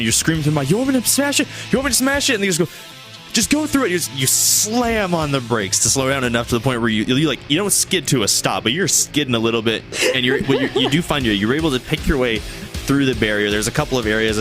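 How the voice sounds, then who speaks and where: A man's voice: lowish voice, a bit bright. A man narrating a tabletop game as game master, often restarting his sentences as he describes the action.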